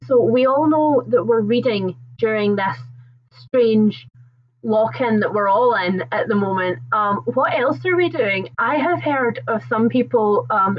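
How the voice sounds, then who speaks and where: Young female stream host, casual and rambling, quick to laugh; slightly muffled audio. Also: on the high side. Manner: chatty, rambling, laughs often. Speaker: livestream host. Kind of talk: casual live chat with viewers.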